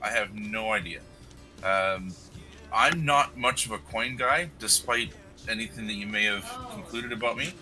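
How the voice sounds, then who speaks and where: A man's voice: on the low side, normal speed, sharp tone, faint music behind, rough recording. A man hosting a casual livestream chat who explains figures methodically and jokes about himself. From Canada. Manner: explains numbers methodically, self-deprecating. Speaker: host.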